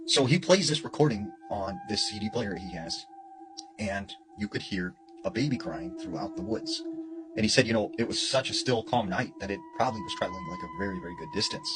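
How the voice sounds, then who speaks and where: A man with a lowish voice tells a story in a loose, chatty way, full of "you know" and "like". His pitch swings widely as he talks. Music plays clearly beneath his voice. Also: wildly swooping pitch, a little fast, low-quality recording. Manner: conversational, heavy use of "you know" and "like". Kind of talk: casual spoken storytelling. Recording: music playing underneath.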